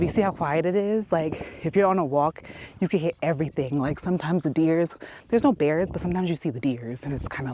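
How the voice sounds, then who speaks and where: A woman's voice: deep voice, a little mellow. A woman, telling a story in a casual vlog while walking outdoors, a little out of breath. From New York City. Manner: chatty storytelling, acts out quotes with laughs. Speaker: beauty vlogger. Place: outdoors on a quiet country road, walking.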